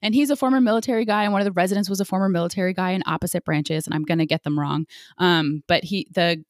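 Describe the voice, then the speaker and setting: A woman's voice: fairly low pitch, quick pace, no room sound, clean studio sound. A woman in her forties, a sports medicine physician, speaks candidly as an interview guest, telling stories with lots of fillers. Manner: candid, animated, frequent fillers.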